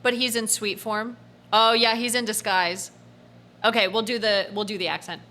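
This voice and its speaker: A young woman streamer commentating casually on a game, animated and giggly, swearing now and then. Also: mid-range voice, moderate pace. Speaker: gaming streamer. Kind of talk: casual let's-play commentary.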